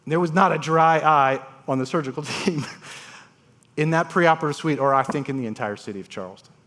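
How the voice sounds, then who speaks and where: A man, a transplant surgeon, telling stories on a conference stage with dramatic pauses and voiced quotes. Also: a little high, fairly bright tone. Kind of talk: storytelling talk on stage. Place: conference stage before an audience.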